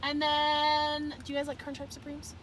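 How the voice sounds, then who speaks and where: A woman's voice: high-pitched, completely flat delivery, moderate pace, a bit bright. A young woman chatting playfully in a car, giggly and bubbly as she vlogs. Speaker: vlogger. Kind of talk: casual chat. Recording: car recording with background noise.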